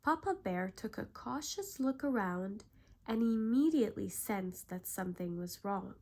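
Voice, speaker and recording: A woman narrating a bedtime story in a calm, gentle way. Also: medium pitch, a little slow.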